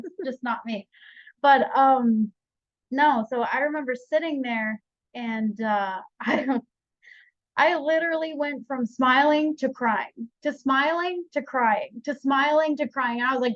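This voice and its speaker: Young woman, fairly high voice, dry dull sound, chatty and animated storytelling. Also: measured pace, no echo. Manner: chatty, animated retelling with quoted dialogue. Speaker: podcast guest. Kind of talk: candid personal story.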